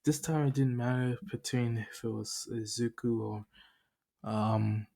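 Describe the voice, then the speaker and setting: A man's voice: medium pitch, fairly even intonation, unhurried, creaky, dark tone. A man casually recapping a fan story as a channel host, rambling with many fillers and laughing at himself.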